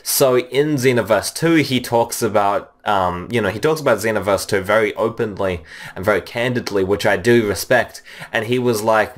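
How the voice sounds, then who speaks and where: A man's voice: fairly low pitch, normal speed. A man giving casual spoken commentary as a video reviewer, rambling and leaning heavily on fillers. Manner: rambling, heavy on "you know" and "um" fillers.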